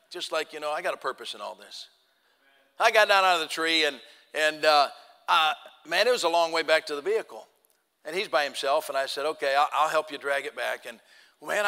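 With a pushed, bright voice on the high side, a pastor tells a folksy story during his sermon, performing both sides of the talk. The recording carries long hall reverb.

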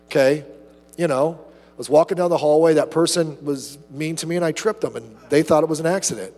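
A man preaching a sermon as pastor, animated, acting out little asides and quotes. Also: on the high side, a little fast, big-room sound.

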